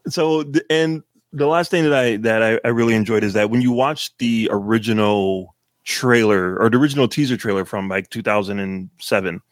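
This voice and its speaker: A man's voice: fairly low pitch, moderate pace, no echo, studio quality. A man from Massachusetts co-hosting a movie podcast, giving a casual review full of fillers and swearing. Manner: rambling, frequent fillers and profanity. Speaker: podcast co-host.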